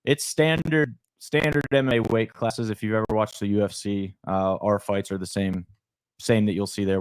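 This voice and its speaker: A man's voice: fairly low pitch, steady tone, moderate pace, smooth, dry recording. A man co-hosting a live podcast, chatting casually and loosely with slang and fillers. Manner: laid-back, slangy, says "bro" and "like". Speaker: podcast co-host for a fight promotion. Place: studio.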